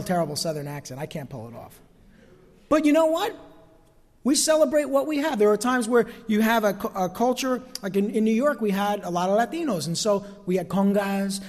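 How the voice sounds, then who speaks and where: His voice sits high with a darkish tone as he preaches a sermon from the pulpit. The pastor is emphatic, elongating important phrases and asking the congregation for amens, with long hall reverb in the recording.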